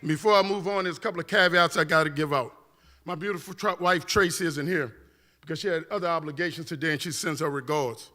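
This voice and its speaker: Man, high voice, church keynote, passionate, repetitive rhythmic build, humorous asides. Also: quick pace, pushed and bright. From New Orleans, USA. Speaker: guest speaker. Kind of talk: impassioned church keynote speech. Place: church sanctuary. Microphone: standing at a mic.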